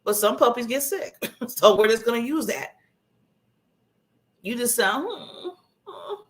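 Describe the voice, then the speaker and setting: A woman hosting her own talk show, giving a motivational talk in a conversational, animated way and acting out contrasting voices. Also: fairly high pitch, measured pace. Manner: conversational, laughs at herself.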